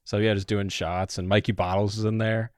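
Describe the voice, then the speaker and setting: Young dude co-hosting a pod, lowish voice, dry close mic, rambles with "like" everywhere. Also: male voice, flat delivery, fairly quick, no echo. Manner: rambling storytelling with many "like"s. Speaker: podcast co-host. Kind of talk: casual chat.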